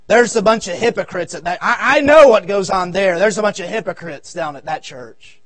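A man with a very high-pitched voice and a Southern American accent preaches at a revival service. He swings from shouted appeals down to low, quiet asides, and he repeats his phrases as he builds. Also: animated, brisk, hardly any pauses, no room sound. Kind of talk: revival sermon. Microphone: audio recording of a church service.

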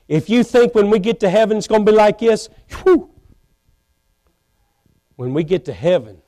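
High-voiced preacher. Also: male voice. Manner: swings between fervent shouting and hushed intensity. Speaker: pastor. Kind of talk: sermon. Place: church sanctuary.

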